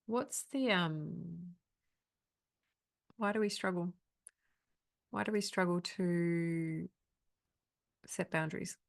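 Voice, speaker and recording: Woman coach in her thirties, low gravelly voice, candid and chatty, online video call. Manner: candid, chatty, laughs often. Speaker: trauma coach. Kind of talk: live online workshop talk.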